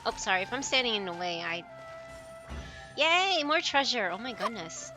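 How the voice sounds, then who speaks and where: A young adult woman with a mid-range voice streams a video game, talking at a quick pace over music. She's giggly and gushing, laughing often in casual let's-play chatter.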